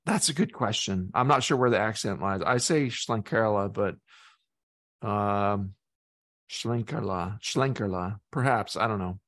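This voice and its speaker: A man's voice: fairly low pitch, animated, moderate pace, fairly bright tone, no room sound, studio quality. A man co-hosting a casual beer-tasting podcast, reading facts aloud and hesitating often with fillers. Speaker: podcast co-host.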